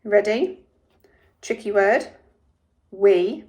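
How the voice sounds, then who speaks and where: Slow, encouraging woman teaching phonics. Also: medium pitch, darkish tone. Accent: English. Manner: slow, encouraging, sounds out letters clearly. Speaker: primary school teacher. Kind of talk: phonics lesson for young children.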